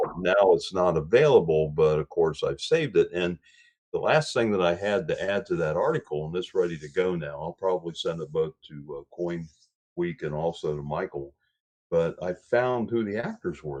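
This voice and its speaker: A man's voice: low-pitched, animated, moderate pace, darkish tone, slightly rough. A man talking on a livestream coin panel over a video call, often restarting and repeating words as he thinks. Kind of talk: casual livestream discussion.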